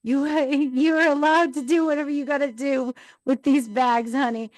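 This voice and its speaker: A middle-aged woman hosting a talk show, telling personal stories in a chatty, animated way. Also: high voice, normal speed, dry recording. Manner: chatty, animated retellings with laughs. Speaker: podcast host. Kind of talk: casual personal storytelling.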